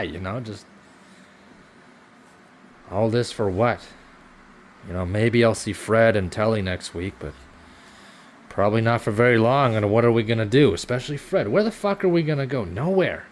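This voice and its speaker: A man's voice: mid-range voice, slight background noise. A young man venting in a casual vlog from his home kitchen, frustrated and sarcastic, swearing often. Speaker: vlogger. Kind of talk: ranting vlog while cooking.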